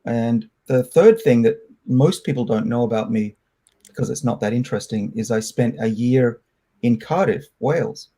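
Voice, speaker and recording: A middle-aged man from Australia, a scientist answering interview questions in a candid, reflective, loose and halting way. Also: mid-range voice, mellow. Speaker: scientist guest.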